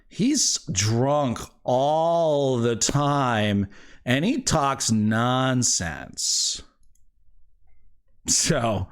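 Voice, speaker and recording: A curt young serving girl at a tavern, voiced by a man running a tabletop game. She talks with a rising, lively lilt and sounds unimpressed by everyone. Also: fairly high pitch, heavily acted. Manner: blunt, dismissive. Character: blunt young woman tavern server.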